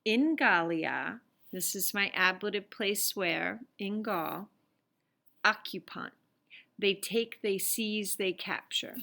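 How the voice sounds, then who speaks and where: A woman's voice: mid-range voice, slow, creaky, pushed and bright. A woman teaching Latin, patiently walking through worksheet examples and sounding out each phrase. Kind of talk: explaining worksheet exercises.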